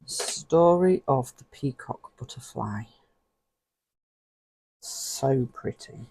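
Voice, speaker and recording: A relaxed man talks slowly in a low-key, mellow voice that carries a husky, gravelly grain. He leafs through pages as he chats directly to the viewer and chuckles often. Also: dry recording, low-quality recording. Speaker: vlogger. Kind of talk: casual flip-through commentary.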